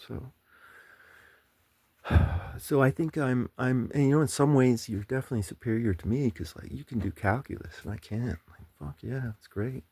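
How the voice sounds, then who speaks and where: Man, low mellow voice, husky, rambling monologue with sighs and swearing, dry close sound. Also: no room sound. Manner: wandering, sighing, profane, full of fillers.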